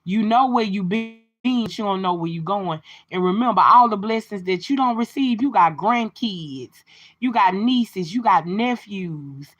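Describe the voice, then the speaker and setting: A woman's voice: medium pitch, expressive, measured pace, fairly bright tone. A woman talking casually to her livestream viewers, chatty and open, sharing a personal testimony. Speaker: livestream host.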